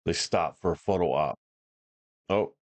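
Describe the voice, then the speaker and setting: A man with a very low, deep voice gives relaxed, joking commentary as he tries out software. His talk is casual and full of slang. The sound is dry and close, with no room echo. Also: measured pace. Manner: laid-back, joking, slangy. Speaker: YouTuber trying out software.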